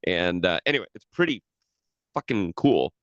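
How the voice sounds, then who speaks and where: A man's voice: low voice, expressive, normal speed, a bit bright, no echo, lo-fi sound. A man co-hosting a podcast in casual chat, rambling with lots of restarts and casual swearing. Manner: rambling, profane, many restarts. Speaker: podcast co-host.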